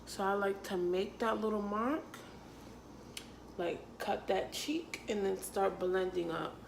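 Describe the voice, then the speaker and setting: A young adult woman, a makeup artist and beauty vlogger, walks viewers through a casual makeup tutorial in an echoey room with a noisy background. Her medium-pitched voice is gravelly and slow, and she's sassy and playful, laughing often and calling her audience honey and sis.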